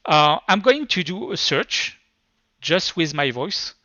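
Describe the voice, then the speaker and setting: A man's voice: fairly high pitch, sing-song, slow pace, bright, forceful tone, dry recording, dull audio. French-accented man giving a tech talk. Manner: hesitant, stop-start explaining. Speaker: tech conference speaker. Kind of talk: live technical presentation.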